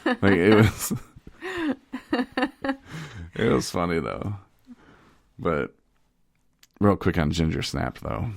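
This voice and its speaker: Podcast host, male, deep and gravelly, rambling casual storyteller, dry close mic. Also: slow, long pauses, no echo. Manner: rambling, animated, laughs often.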